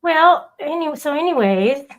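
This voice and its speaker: A woman's voice: sits high, expressive, normal speed. A woman hosting a casual livestream, rambling and swearing as she talks back to her viewers' chat. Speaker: livestream host.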